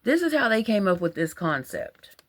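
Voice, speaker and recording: A woman, talking in a rambling, animated, colloquial monologue about religious ideas. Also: medium pitch, normal speed, a little hiss or hum. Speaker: religious vlogger. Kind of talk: casual monologue.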